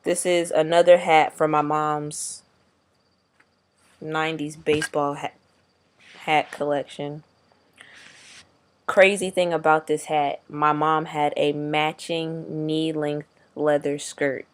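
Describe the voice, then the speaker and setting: A man's voice: a little high, level tone, slow pace, pauses often, clear, resonant tone. A young man vlogging casually, rambling in slangy, profane talk. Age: young adult. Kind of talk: casual video diary.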